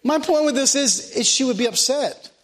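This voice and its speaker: High-voiced emphatic male preacher. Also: expressive, moderate pace, a crowd in the background. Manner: emphatic, repetitive preaching with rhetorical questions. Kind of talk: sermon.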